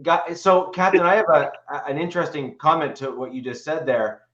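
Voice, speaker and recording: A man on a sports podcast panel, speaking in a measured, slightly contrarian way. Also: a little high, a bit bright, highs cut off. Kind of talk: casual sports podcast chat.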